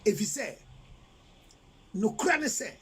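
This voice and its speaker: A man's voice: high-pitched, very animated, a little slow, breathy edge. A middle-aged man with a Ghanaian English accent, giving relationship advice on a live stream in an emphatic, lecturing way with rhetorical questions. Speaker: relationship counselor. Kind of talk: live-stream advice talk, reading viewer messages.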